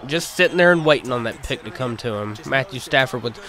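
Speaking at a slightly quick clip in a mid-range voice, this man commentates on his own gameplay. He calls each move sportscaster-style, dropping relaxed fillers between plays.

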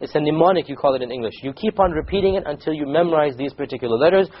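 Male teacher, husky and fairly high, patient recitation lesson, muffled lo-fi sound. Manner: patient, repetitive, quizzes the class; slowly demonstrates recited words.

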